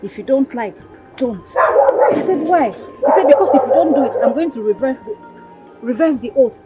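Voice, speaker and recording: A woman's voice: high voice, lively intonation, moderate pace. An actress with a Nigerian accent playing a frightened, angry young village woman. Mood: upset. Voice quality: frustrated, pleading. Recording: dull film audio with loud music.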